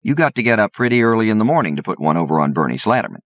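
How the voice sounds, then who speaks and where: A man voicing a brash, quick-tongued male bartender and gambler who talks back, in a cocky, argumentative way, on a dull, lo-fi audiobook recording. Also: low-pitched, sing-song, no echo, pitched above the performer's own voice, full character voice.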